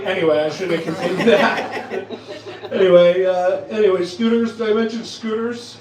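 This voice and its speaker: A man's voice: high-pitched, steady tone, moderate pace, darkish tone. A man from Trenton, New Jersey, doing a profane, self-deprecating stand-up set and laughing at his own jokes. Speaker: stand-up comedian. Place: comedy club stage. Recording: roomy club sound, mic at a distance, audience.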